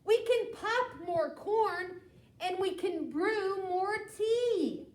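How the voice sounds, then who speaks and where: A woman's voice: very high-pitched, very slow, darkish tone, pitched above the performer's own voice, full character voice. A woman reading as a small soothing mouse. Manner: soothing, reassuring. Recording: echoey room.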